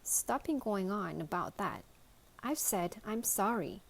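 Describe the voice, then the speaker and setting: A woman voicing a fierce, bossy male toy pig who talks in slow threats. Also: medium pitch, lively intonation, gravelly, full character voice.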